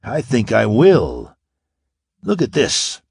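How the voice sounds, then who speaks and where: A cool, self-assured space hero read by a male audiobook narrator, clipped and commanding with a wry edge. The voice is mid-pitched with lively inflection, recorded dry and close. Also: takes it slowly, gravelly, husky, no room sound, exaggerated voice.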